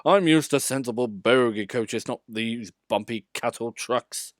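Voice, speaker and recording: A man's voice: medium pitch, unhurried, no echo, clean studio sound, natural voice. A man voicing a grumpy, proud young male tank engine who talks in a sulky, haughty, complaining way. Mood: straining.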